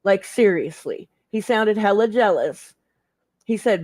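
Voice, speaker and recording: A woman's voice: mid-range voice, expressive, measured pace, a little mellow, no echo. A woman guest on a live stream panel, talking casually in a slangy way, full of "like" and filler. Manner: chatty, slangy, lots of "like" and "hella".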